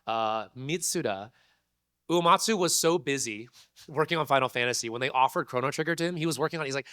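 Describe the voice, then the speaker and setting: A man, a convention panel guest, telling a story to an audience in an animated, laughing way full of slang. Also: mid-range voice, quick pace, clean tone, dry recording, studio quality.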